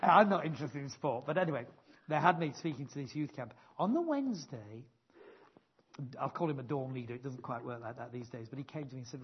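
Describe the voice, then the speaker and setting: Man, preacher, sermon, earnest, emphatic, self-deprecating, husky voice, dull lo-fi sound. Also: on the high side.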